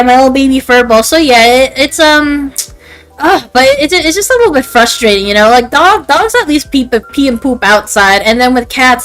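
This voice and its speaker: A woman's voice: high voice, a bit bright, poor audio. A woman in her twenties chatting casually on a stream, rambling and interrupting herself with lots of fillers. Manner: rambling, self-interrupting, frequent "like" and "um". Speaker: VTuber streamer.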